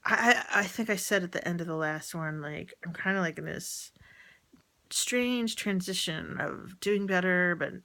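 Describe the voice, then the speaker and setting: A woman rambling and venting in a personal audio diary, often halting and trailing off mid-thought. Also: fairly low pitch, bright, forceful tone. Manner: venting about a relative.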